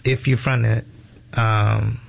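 A man's voice: fairly low pitch, flat delivery, takes it slowly, creaky. A man, a museum educator explaining animals in an informal, easygoing way. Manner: informal, explanatory, frequent fillers and restarts. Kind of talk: casual radio interview.

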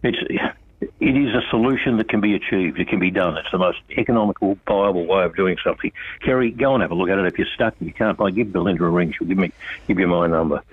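A man's voice: low voice, fast talker, husky, no room sound. An older Australian man, a road safety campaigner calling into a radio show, talking bluntly and with passion. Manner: blunt, impassioned, addresses an official directly. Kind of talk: on-air phone interview. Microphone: telephone. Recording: tinny phone line.

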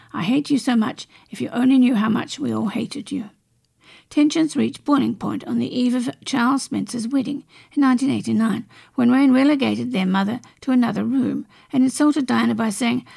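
A woman reading celebrity and royal stories from magazines aloud, in a steady read-aloud manner with brief restarts. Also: a little high, vocal fry, husky. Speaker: news reader.

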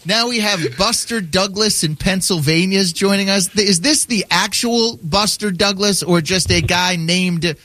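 A male sports radio co-host taking calls, playful and teasing in quick banter. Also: high-pitched, bright, forceful tone, no room sound.

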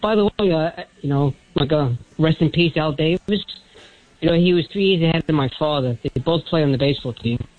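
An older retired man calling in on the phone, with a thin high "helium" voice, rambling from one topic to the next. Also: brisk, no echo. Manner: rambling, jumps between topics. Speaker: caller. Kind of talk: rambling call-in sports talk. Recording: muffled phone-line call.

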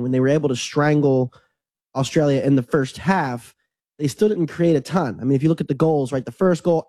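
A man appearing as a soccer analyst on a talk show, relaxed and analytical in conversation. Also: mid-range voice, no room sound. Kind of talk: casual sports analysis.

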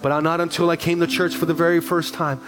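A man in his forties preaching a sermon as pastor, telling a personal story with quick asides and repeated phrases. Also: fairly high pitch, level tone.

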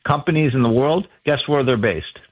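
A man calling in as an economics commentator on a radio show, speaking haltingly with many fillers and restarts. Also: mid-range voice, breathy edge. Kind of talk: phone-in radio chat. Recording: tinny phone line.

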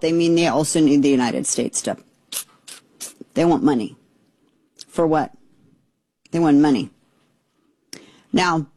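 A woman's voice: mid-range voice, a little mellow, dry recording. A woman hosting political commentary, indignant and exasperated, rambling with frequent restarts. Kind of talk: opinionated commentary.

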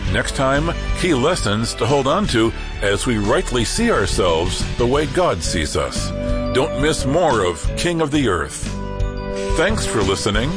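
A male radio announcer reading the program close and mailing address in a measured way. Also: medium pitch, very animated. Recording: clear music bed under the voice.

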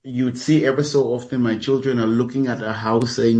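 A man preaching a sermon as a pastor, speaking deliberately and calling his listeners beloved. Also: medium pitch, flat delivery, darkish tone.

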